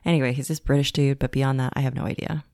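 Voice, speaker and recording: A woman podcast host reading a personal essay in a calm, reflective way. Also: rumbling low, fast, dry recording, clean studio sound.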